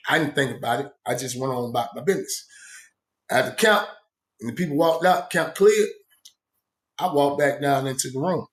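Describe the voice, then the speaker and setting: A man's voice: medium pitch, moderate pace, pauses often, fairly bright tone. A man casually telling a story from his own past, rambling with slang and many asides. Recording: echoey room.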